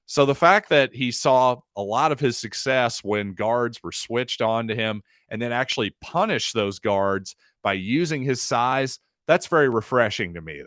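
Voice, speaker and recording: A man's voice: medium pitch, a bit bright, dry recording, clean studio sound. A man hosting a solo sports podcast, talking through the news in a conversational way with wry, sarcastic asides. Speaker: podcast host.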